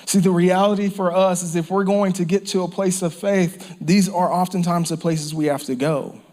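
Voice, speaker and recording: A man preaching a sermon with fervor. His voice sits a little higher than most men's. He repeats his phrases for weight and at times falls to a hush. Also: fairly even intonation, normal speed. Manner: impassioned preaching with repeated phrases and dropped whispers. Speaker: pastor. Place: church or campground service.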